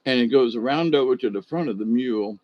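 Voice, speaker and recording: A man's voice: medium pitch, fast, no echo, dull audio. A man, telling folksy stories and rambling with chuckles. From Georgia, US. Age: 60s. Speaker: monologue host.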